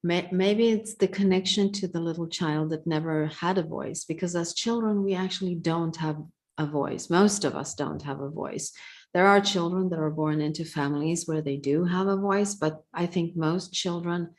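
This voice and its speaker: A woman's voice: fairly low pitch, normal speed. A woman hosting a conversation on a video call, speaking reflectively and murmuring agreement as she listens. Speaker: host. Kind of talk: casual conversation.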